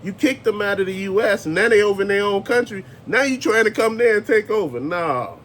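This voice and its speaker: A man with a notably high voice delivers a blunt, profane rant straight to the camera, hammering each point with emphasis. A faint rumble hums behind him. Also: animated, a little fast, fairly bright tone. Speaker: host. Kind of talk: ranting commentary.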